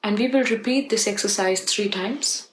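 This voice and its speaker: A woman leading a guided meditation, speaking softly and gently as she guides the breathing. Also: mid-range voice, slight background noise, poor audio. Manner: slow, soft and gentle, guiding breathing.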